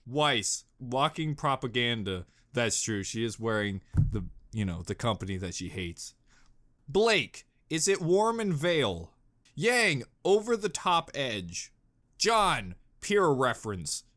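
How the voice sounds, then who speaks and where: Wildly animated, bright-voiced male reactor. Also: mid-range voice, slow pace. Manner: goofy, exclamatory, jumps between mutters and yells. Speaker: reaction video host. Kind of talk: casual reaction commentary.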